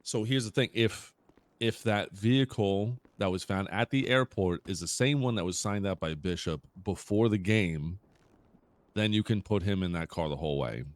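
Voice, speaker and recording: A man with a very deep, low voice, chatting in character as a police officer during a roleplay session. He tells his stories bluntly, swearing often. He speaks through a close desk mic. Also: normal speed, no room sound. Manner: profane, storytelling, blunt. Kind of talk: casual in-character roleplay chat.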